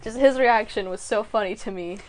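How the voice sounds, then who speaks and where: Laughing woman guest co-host, fairly high voice. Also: fairly quick. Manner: expressive, laughs often. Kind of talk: casual recap chat.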